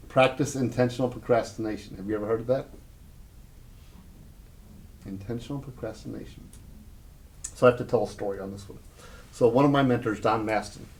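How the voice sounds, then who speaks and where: A man's voice: medium pitch, darkish tone. Punchy male workshop presenter. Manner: punchy, conversational, short emphatic phrases. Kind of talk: live workshop talk with anecdotes.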